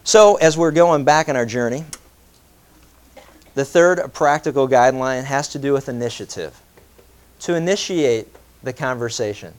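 A middle-aged man preaching a sermon, animated, with jokey asides and rhetorical questions. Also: medium pitch, normal speed, smooth. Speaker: pastor.

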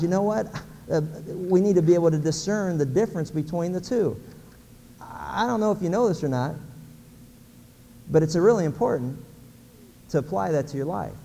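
A man's voice: high voice, warm tone, big-room sound, a little hiss or hum. A middle-aged man from Pennsylvania preaching a sermon, folksy, acting out little everyday scenes. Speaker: pastor.

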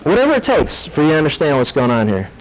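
A male pastor preaches in a lively, conversational way, mixing jokes and asides with serious warnings to the congregation. His voice sits somewhat high for a man and swings between quick, bright remarks and slower, lower emphasis. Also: rough recording. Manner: animated, jokey storytelling with sudden drops to earnest. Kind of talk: sermon.

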